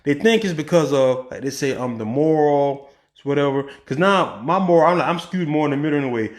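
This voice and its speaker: A high-voiced man, a political commentary podcaster, gives a casual opinion monologue in an echoey room. He's animated and fairly quick, firing off rhetorical questions and restarting sentences, with ums filling the gaps.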